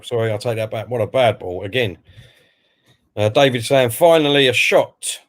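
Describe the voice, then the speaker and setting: Expressive and at a normal pace, a medium-pitched male voice co-hosts a football watch-along. He keeps things chatty, providing live commentary and reading out chat messages from viewers before sharing what he thinks.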